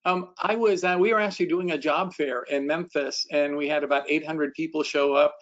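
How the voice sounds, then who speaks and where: A man on a webinar panel answering a question with an animated anecdote full of filler ums, over a video call. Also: fairly high pitch, brisk, lo-fi sound. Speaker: panelist, cruise recruiter.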